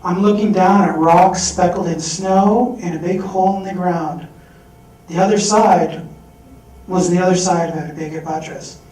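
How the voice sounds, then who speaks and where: A man telling a personal story on stage, animated, acting out the voices he quotes. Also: sits high, measured pace. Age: adult. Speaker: speaker. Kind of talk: storytelling talk. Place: large hall. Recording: echoey hall from far off.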